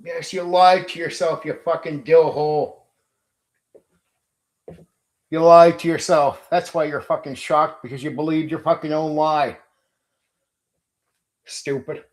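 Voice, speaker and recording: A man's voice: a little high, steady tone, a little slow, long pauses. A man with a somewhat raised voice rants on his livestream, blunt and full of swearing. He sounds confrontational and talks straight at his chat. The room around him is echoey. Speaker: streamer hosting a tabletop RPG channel. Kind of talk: livestream rant.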